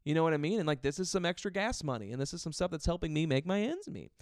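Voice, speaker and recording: A male stand-up comedian, a podcast guest, retelling a story in an animated, indignant way and leaning on "like" as a filler. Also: on the high side, quick pace, dry recording, clean studio sound. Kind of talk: conversational storytelling.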